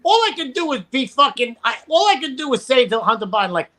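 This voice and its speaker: A man's voice: extremely high pitch, sing-song, fast, bright, forceful tone. A man ranting bluntly and profanely as a podcast guest. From New York. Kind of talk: casual podcast chat.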